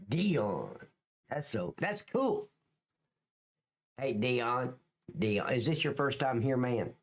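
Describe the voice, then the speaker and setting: A man's voice: medium pitch, big pitch swings, slow pace, long pauses. A middle-aged man hosting a live stream, chatting casually with viewers in a joking, crude, rambling way. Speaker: livestream host.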